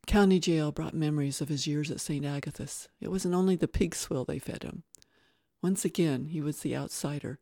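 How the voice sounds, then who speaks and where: An audiobook narrator reading a thriller in a measured, steady storytelling voice. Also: medium pitch, vocal fry, dry recording, clean studio sound.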